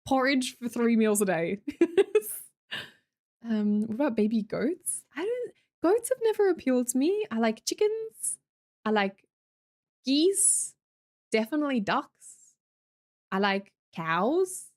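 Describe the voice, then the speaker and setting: A woman's voice: fairly high pitch, very animated, slow, long pauses, darkish tone. A young Australian woman streamer chatting casually with her viewers, blunt and sweary, laughing often.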